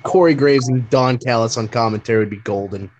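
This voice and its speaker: A man's voice: medium pitch, fairly quick, a little hiss or hum. A man co-hosting a podcast in casual chat, telling stories with laughs and swearing. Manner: laughing, profane storytelling. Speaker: podcast co-host.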